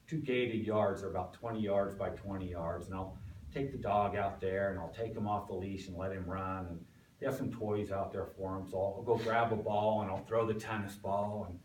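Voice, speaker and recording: This club speaker has a low, slightly mellow voice with fairly even intonation and a normal pace as he tells stories in a folksy prepared talk. A far-off microphone picks him up in an echoey meeting room with slight background noise.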